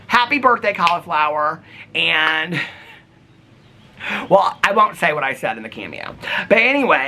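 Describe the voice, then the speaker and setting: A man chatting casually in a daily vlog, rambling and animated with lots of filler words. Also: fairly high pitch. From United States. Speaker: vlogger.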